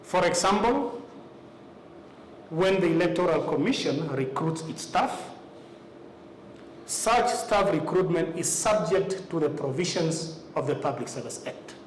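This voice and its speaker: A man's voice: a little high, lively intonation. Namibian man giving a formal briefing. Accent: Namibian English. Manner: measured, deliberate delivery with frequent "uh" pauses. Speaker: electoral commission official presenting to party representatives. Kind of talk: formal meeting presentation. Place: meeting room. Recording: echoey room, faint ambient noise.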